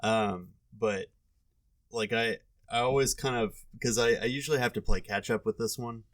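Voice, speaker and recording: A man's voice: mid-range voice, moderate pace, a bit bright, dry recording. A man on a podcast chatting in an easygoing, slightly hesitant way. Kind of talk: casual chat.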